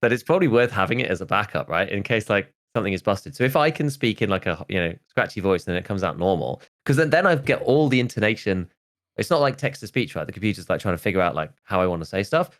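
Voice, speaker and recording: A man's voice: on the low side, big pitch swings, quick pace, a bit bright. A man in his thirties, a podcast host chatting casually and rambling, with lots of "like" and restarts. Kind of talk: casual chat.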